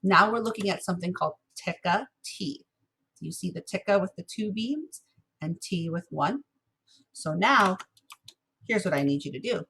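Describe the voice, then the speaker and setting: A woman music teacher giving a recorded lesson, patiently encouraging students and chanting rhythm syllables slowly. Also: lowish voice, lively intonation, sharp tone, breathy edge.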